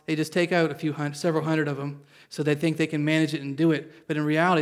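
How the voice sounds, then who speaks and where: A man pastor preaching a sermon at a church service. He reads scripture aloud, explains it in plain words, and calls on the congregation for an amen. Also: on the high side.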